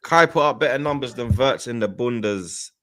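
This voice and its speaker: A man hosting a casual football live stream, reading viewer messages aloud and breaking into loud, brash shout-outs. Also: medium pitch, expressive, moderate pace.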